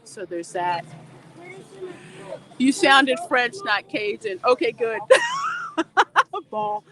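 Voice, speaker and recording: A woman's voice: fairly high pitch, animated, extremely slow, pauses often, a bit bright. A woman livestreaming outdoors from a theme park on a handheld phone, chatting casually, laughing often and reading viewer comments aloud. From Louisiana.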